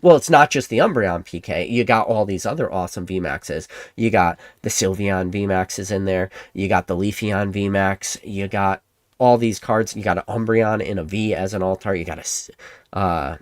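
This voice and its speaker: Low-voiced guy rambling about card prices to camera, acts out what people would say, dry close mic. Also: normal speed, no echo. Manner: animated, rambling, acts out imagined replies. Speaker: Pokemon card collector and channel host. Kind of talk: casual monologue to camera.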